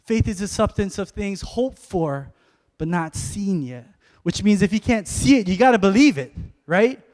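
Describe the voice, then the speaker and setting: High-pitched preacher, slow sermon pace, reverberant church hall. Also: male voice, expressive. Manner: calls to the congregation, loud rising exhortation. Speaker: pastor.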